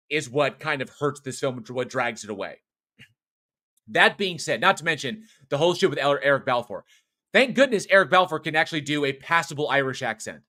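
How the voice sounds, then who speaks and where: Man, podcast co-host, casual review chat, rambling, swears a lot, bright voice. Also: a little high. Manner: rambling, profane, frequent restarts and fillers.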